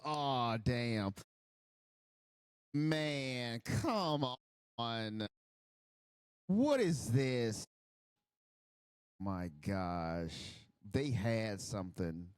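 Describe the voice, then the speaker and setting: A man hosting a casual wrestling reaction video, excitable and profane, with quick outbursts. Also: medium pitch, no room sound, clean studio sound.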